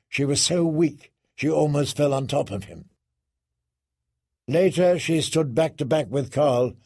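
Slow, gravelly male audiobook narrator. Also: on the high side, a little mellow. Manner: slow, measured storytelling with grim weight. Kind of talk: scripted narration.

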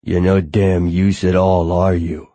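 A man voicing a gruff older male bouncer, a former heavyweight boxer, coarse and contemptuous. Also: deep voice, little pitch movement, unhurried, warm tone, no room sound.

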